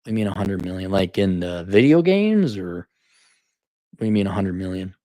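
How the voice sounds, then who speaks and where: A man's voice: low voice, lively intonation, brisk, warm tone, no room sound, studio quality. A middle-aged man hosting a livestream, reading out viewer donations and answering them in blunt, profane, sarcastic talk, often slipping into mocking impressions. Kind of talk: casual livestream commentary. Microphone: studio mic in a home room with soundproofing panels.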